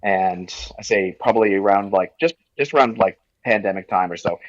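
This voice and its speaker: A man in his forties from Nova Scotia, a podcast guest telling his story in an easygoing, halting way with many restarts. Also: low voice, highs cut off. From Nova Scotia, Canada. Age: 40s. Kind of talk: casual interview.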